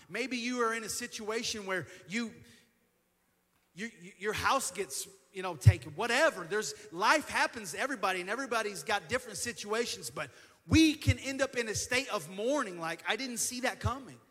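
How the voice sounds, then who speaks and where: A man's voice: high-pitched, sharp tone. A male assistant pastor preaching a midweek sermon in an earnest way, often repeating and restarting his phrases. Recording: long hall reverb.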